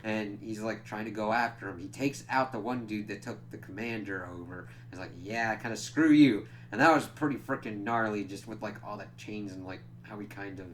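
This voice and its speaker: Casual low-voiced male comic reviewer. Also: fairly quick, few pauses, a little hiss or hum. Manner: animated retelling, acts out characters' lines, frequent "like".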